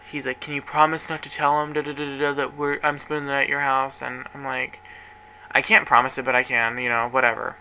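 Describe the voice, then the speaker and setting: Bright-voiced man telling a personal story. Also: mid-range voice, slight background noise, rough recording. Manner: rambling, emotional retelling with acted-out quotes. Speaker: workplace manager. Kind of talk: confessional vlog storytelling.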